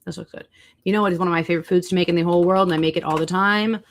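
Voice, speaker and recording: A woman's voice: on the low side, fairly even intonation, very fast, a little hiss or hum. A woman hosting a casual livestream, chatting with viewers and looking up foods online as she talks. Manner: chatty, reacts to chat and searches food online. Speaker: livestream host.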